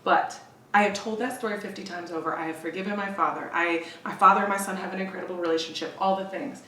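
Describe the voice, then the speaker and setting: A woman's voice: steady tone, pushed and bright. Intense woman telling a raw personal story. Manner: emotional, intense, quick asides, quotes others in a lowered voice. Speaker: podcast guest. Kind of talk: candid conversational storytelling. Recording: roomy echo, distant from the mic, faint hiss.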